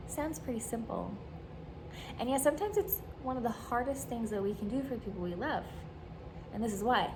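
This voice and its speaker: A woman hosting a podcast, talking earnestly and encouragingly as she gives advice to her listeners. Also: medium pitch. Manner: warm, earnest and encouraging, acts out quoted remarks. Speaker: podcast host giving advice. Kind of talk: earnest advice talk to camera. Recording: audible steady background noise.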